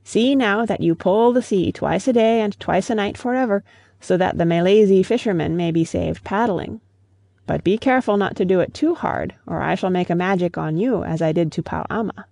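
A storyteller voicing a stern, lordly old male magician who speaks in commanding, solemn tones, with a gravelly voice. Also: mid-range voice, moderate pace, a little mellow, dry recording, studio quality.

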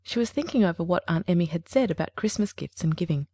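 A woman narrating a storybook at a measured pace. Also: lowish voice, animated, mellow, dry recording, clean studio sound.

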